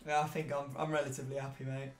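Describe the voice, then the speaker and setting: A young man hosting a video game match with casual, excitable commentary that breaks into shouts and laughter. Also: mid-range voice, very fast, roomy sound. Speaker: gaming YouTuber host.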